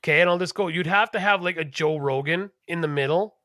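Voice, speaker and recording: A man co-hosting a podcast in casual chat, rambling, animated and profane. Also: on the high side, fast talker, no room sound, studio quality. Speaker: podcast co-host.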